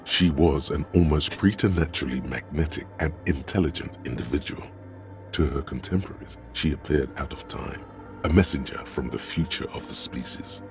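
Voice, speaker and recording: Super deep slow game narrator, grave storyteller vibe, bit of music behind. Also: male voice. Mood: solemn. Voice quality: very deep and measured. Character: grave, solemn male storyteller of legend. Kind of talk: scripted narration.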